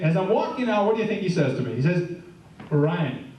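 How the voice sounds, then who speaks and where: A man's voice: high voice, expressive, brisk, dark tone, slight background noise. A middle-aged man doing stand-up comedy, telling jokes in a chatty way and asking the crowd questions, live on stage. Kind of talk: stand-up routine with audience banter. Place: live stage before an audience. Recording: echoey room, heard from far off.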